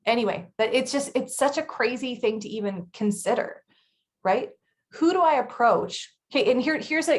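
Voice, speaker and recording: A woman in her thirties co-hosting a casual chat, blunt and chatty with quick laughs. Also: a little high, animated. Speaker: podcast co-host.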